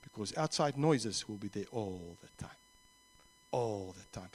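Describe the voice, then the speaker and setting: A man's voice: on the low side, sing-song, a little slow, darkish tone, husky. A man with a South African accent preaching a sermon in church and leading a closing prayer, speaking earnestly and acting out little conversations. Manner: earnest, acts out little dialogues, slips into Afrikaans phrases. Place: church service.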